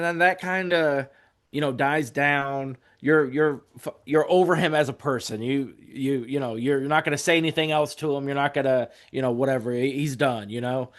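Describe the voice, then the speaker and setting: A man in his forties, a podcast guest telling rambling road stories in a casual, profane way, acting out what others said. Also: medium pitch. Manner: profane, rambling, acts out quotes. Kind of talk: casual storytelling.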